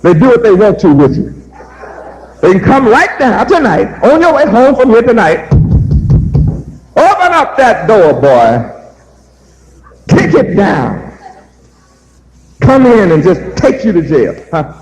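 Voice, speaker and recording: High-voiced emphatic male preacher. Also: very animated, unhurried, a little mellow, slight background noise, poor audio. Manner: emphatic, repetitive, rhetorical questions. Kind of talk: sermon.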